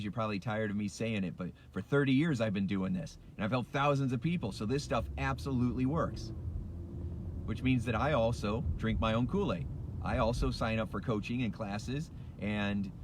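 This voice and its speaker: A middle-aged man who works as a life coach and hypnotist gives a fiery, emphatic motivational rant from his car at a red light, hammering his points by repeating key phrases. His lowish voice is brisk, and there's background noise.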